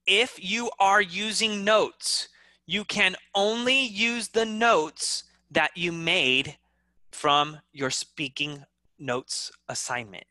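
An English teacher giving an online class, animated and demonstrating each point with big swings in pitch and loudness. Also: no room sound.

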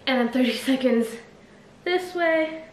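A woman's voice: high voice, unhurried, a little mellow. A woman vlogger talking casually while demonstrating a routine, chatty and full of filler words, slightly out of breath. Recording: echoey room, faint noise.

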